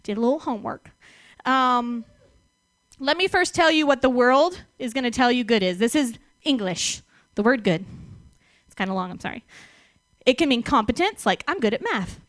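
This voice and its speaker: A woman giving a sermon, animated and emphatic, often laughing between phrases. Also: a little high, moderate pace, no echo. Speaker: speaker.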